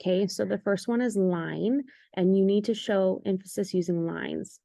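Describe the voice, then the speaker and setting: A woman's voice: mid-range voice, normal speed, vocal fry, dark tone, no echo. A woman teaching an art lesson in a recorded video, giving patient, step-by-step instructions with the odd "um".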